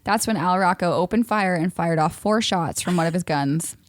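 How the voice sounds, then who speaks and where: A woman's voice: lowish voice, moderate pace, dry recording, studio quality. A woman co-hosting a podcast, telling a story in a casual, playful way with frequent laughs. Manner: laughs often, playful asides. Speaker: podcast co-host.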